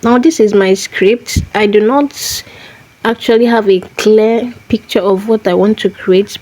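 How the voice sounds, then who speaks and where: A woman's voice: medium pitch, darkish tone, low-quality recording. A woman hosting a screen tutorial, walking through each step methodically and repeating key phrases as she goes. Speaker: tutorial host.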